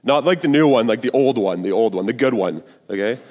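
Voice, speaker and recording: A man's voice: medium pitch, expressive, a little fast, a little mellow. A young man in his twenties preaching a sermon as youth pastor, casual and conversational with fillers and asides, in a church. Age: 20s. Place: church sanctuary. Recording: long reverb of a large hall.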